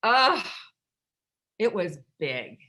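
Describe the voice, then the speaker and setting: A middle-aged American woman speaking at a recovery workshop, telling her own story in a candid, rambling way with dark humor and many restarts. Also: medium pitch, very animated, extremely slow. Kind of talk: personal storytelling share.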